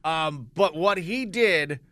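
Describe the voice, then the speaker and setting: Bright, high-voiced joking radio host man. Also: animated, slow pace, no room sound. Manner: joking, laughing often, mock-dramatic asides. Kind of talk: casual morning radio banter.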